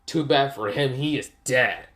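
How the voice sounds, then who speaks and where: Man voicing a cocky young ninja, ruthless, taunting, drawn-out delivery. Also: mid-range voice, a bit bright, voice pushed up, close to an everyday voice. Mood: cold.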